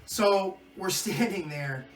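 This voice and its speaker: A young man swaps stories on a podcast, swearing freely and laughing often. His voice sits a little high and comes from some way off the mic in an echoey room. Faint music plays underneath. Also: slow, far from the mic. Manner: crude, laughing, animated storyteller. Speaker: podcast co-host. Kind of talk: casual chat, storytelling.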